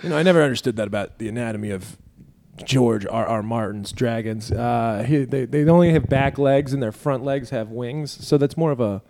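A man's voice: mid-range voice, a little fast, a little mellow, a little hiss or hum. A man co-hosting a casual comedy podcast, rambling with restarts and frequent laughter. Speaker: podcast co-host.

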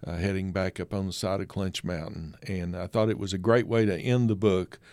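An older man, a photographer appearing as a guest in a conversation, tells folksy, anecdotal stories packed with fillers. His voice is low and darkish, with fairly even intonation and a brisk pace, captured in a dry recording.

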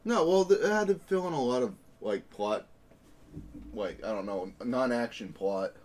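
A young man in a friends' movie chat with a lively voice that rises and falls a lot. He swears casually and laughs between lines. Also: mid-range voice, moderate pace.

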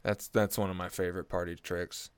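Deep-voiced young man rambling. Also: little pitch movement, a little fast, smooth, no room sound. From Oklahoma. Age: early 20s. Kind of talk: casual comedic monologue.

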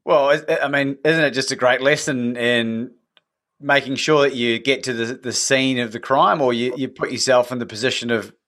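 A man's voice: medium pitch, fairly even intonation, moderate pace, a bit bright. Man interviewer asking questions.

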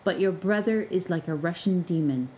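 A woman's voice: on the low side, normal speed, slight background noise, natural voice, low-quality recording. A woman voicing a male house spirit working as a college porter, formal and dryly polite. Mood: kindly. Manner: formal, deadpan, sly.

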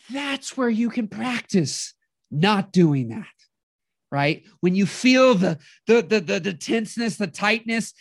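Animated motivational podcast host. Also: medium pitch, no echo, clean studio sound. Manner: animated, acts out inner voices, keeps asking "right?".

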